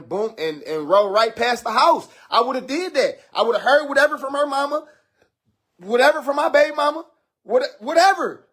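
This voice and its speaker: A man's voice: extremely high pitch, animated, fairly quick, a bit bright. A father telling his own story in casual, blunt street slang, acting out quoted talk with his daughter, played from a video. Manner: blunt street slang, addresses listeners as bro.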